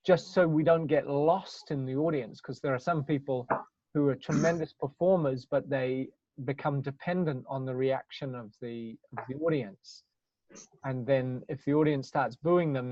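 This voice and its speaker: A man's voice: mid-range voice, steady tone, moderate pace, a little mellow, no echo. A man speaking reflectively on a webinar about communication, searching for his phrasing and restarting words as he goes. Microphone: video call. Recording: dull lo-fi webinar audio.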